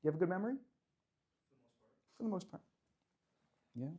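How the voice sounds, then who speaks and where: A man teaching a lively Torah class to students, firing rhetorical questions and dropping to quiet explanation. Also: sits high, moderate pace, highs cut off. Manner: animated, swings between loud questions and quiet explaining, chats with students.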